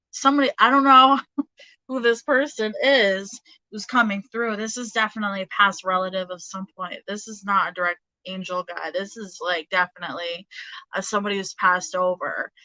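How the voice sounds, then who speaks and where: A woman's voice: mid-range voice, moderate pace, sharp tone, dry recording, rough recording. A woman giving a casual tarot reading, chatty, with many fillers and frequent laughter. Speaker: tarot reader.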